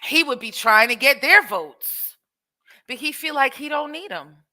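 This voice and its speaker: A woman hosting her own show, casually commenting on clips in an animated way with rhetorical questions. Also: high voice, measured pace. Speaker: host.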